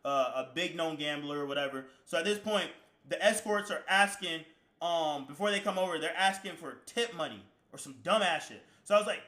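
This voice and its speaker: High-voiced streamer man, swearing and rambling. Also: fairly quick, echoey room. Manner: profane, slang-heavy, rambling, bursts into shouting. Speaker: live streamer. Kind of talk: casual storytelling to stream chat.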